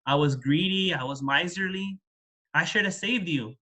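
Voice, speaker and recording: A middle-aged father, rich and once miserly, pours out grief and self-blame in a spoken story, as a male storyteller puts him on. The voice is bright and pushed forward, a little raised in pitch. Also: lively intonation, normal speed, breathy edge, exaggerated voice. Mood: grieving. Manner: lamenting, self-reproaching, then scolding. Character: grieving, remorseful wealthy father, middle-aged man.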